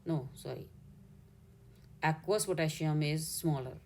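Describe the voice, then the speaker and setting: Indian woman, chemistry tutor, low voice, methodical step-by-step explaining. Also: measured pace, a little mellow. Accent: Indian English. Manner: step-by-step explaining, corrects herself mid-way. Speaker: chemistry teacher. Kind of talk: exam solution walkthrough.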